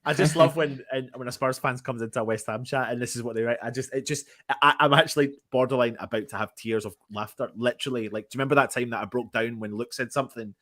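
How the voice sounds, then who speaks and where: A man hosts a live fan stream and reads out chat comments between his own takes. His voice is mid-pitched and sounds close and dry, with barely any room around it. He talks loosely and breaks into laughter now and then. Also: fairly even intonation, quick pace, few pauses, pushed and bright, dry recording. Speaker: fan channel host.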